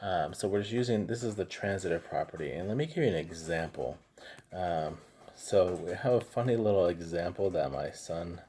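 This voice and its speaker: Math teacher, middle-aged man, low mellow husky voice, easygoing anecdotal delivery. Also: slight background noise. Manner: relaxed, chatty, tells anecdotes with lots of fillers. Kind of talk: casual classroom lesson.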